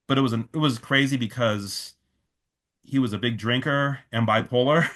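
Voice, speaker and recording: A man's voice: mid-range voice, normal speed, fairly bright tone. A man, a festival organizer, telling a long story in a casual interview, full of fillers and restarts, quoting others in his own voice.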